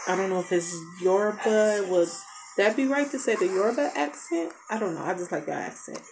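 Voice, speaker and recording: A woman's voice: mid-range voice, a little fast, creaky. A woman in her thirties telling a rambling story in casual chat, with asides to her kids, in a noisy home. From United States. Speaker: family vlogger, mother. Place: home basement.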